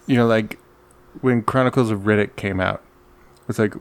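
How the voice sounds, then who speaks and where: Podcast co-host, male, lowish voice, exasperated and profane, casual chat. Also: moderate pace, long pauses. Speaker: podcast co-host reviewing a movie.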